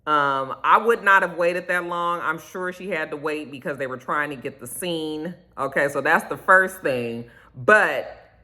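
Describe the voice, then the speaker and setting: A woman chatting through a reality-show recap to camera, telling it with sassy slang and drawn-out emphasis. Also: low-pitched, pushed and bright.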